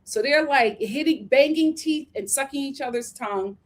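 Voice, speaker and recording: A woman hosting a casual reality TV recap, sassy and animated, laughing often as she talks. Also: sits high, normal speed.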